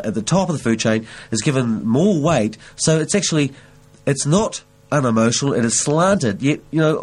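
A man's voice: mid-range voice, a little mellow, slightly rough. Kiwi journalist guy, mid voice, earnest, explains stuff, keeps restarting. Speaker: investigative journalist guest. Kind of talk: conversational interview.

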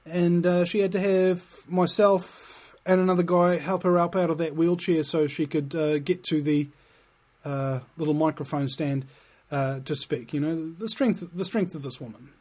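A man's voice: on the high side, steady tone, moderate pace, darkish tone. A middle-aged man hosting a podcast, giving sarcastic, impassioned commentary and laughing at his own jokes. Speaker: podcast host. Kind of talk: ranting commentary.

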